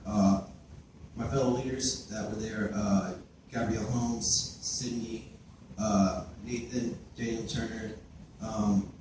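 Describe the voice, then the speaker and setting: A man's voice: fairly low pitch, recorded from a distance, background noise. Teenage boy speaking in an echoey hall. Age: late teens. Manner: hesitant, many fillers and restarts. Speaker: youth giving a church testimony. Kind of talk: personal testimony speech. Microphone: far camera recorded by his father.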